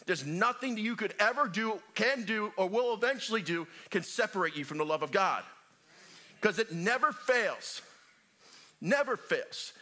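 A middle-aged man preaching in a church sanctuary, his voice pitched high and sharply bright. He jokes with the congregation and leaps between booming calls and hushed asides. His delivery is wildly expressive, rising and falling all through. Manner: animated, joking preacher with big swings in loudness. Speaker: pastor. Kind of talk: sermon.

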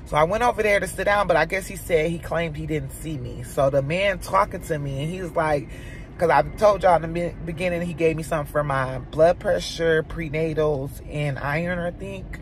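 A woman mom vlogger chatting casually to her viewers, telling a personal story in an animated, chatty way. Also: sits low, normal speed, a little hiss or hum.

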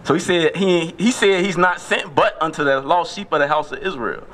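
A man preaching on a city street, questioning a passerby insistently and repeating verses slowly to stress them. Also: fairly high pitch, fairly bright tone.

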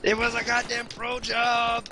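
Slow, gravelly high-voiced gamer guy. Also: monotone, noisy background. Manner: bossy, swearing, laughing. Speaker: game player. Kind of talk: casual gaming chat.

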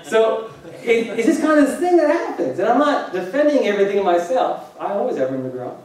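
A man's voice: high voice, very animated, a little fast, a little mellow. A male pastor preaching a sermon, joking and asking the congregation questions. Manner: conversational, jokey preaching with rhetorical questions to the congregation. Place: church hall. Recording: echoey hall, distant mic.

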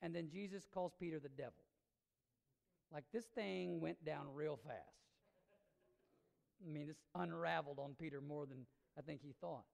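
A woman's voice: deep voice, moderate pace, vocal fry, pauses often, a little mellow. A woman pastor preaching a sermon in an emphatic, conversational way. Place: church sanctuary. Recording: long reverb of a church hall.

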